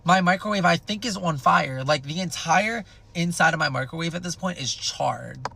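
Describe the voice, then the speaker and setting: A young man telling a wild personal story in a casual, animated and heavily profane way. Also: fairly high pitch, moderate pace, vocal fry. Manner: animated, profane, dramatic retelling.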